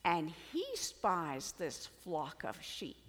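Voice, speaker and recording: Expressive woman preacher in a hall. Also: deep voice, takes it slowly. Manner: expressive storytelling, dramatic volume swings. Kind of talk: sermon.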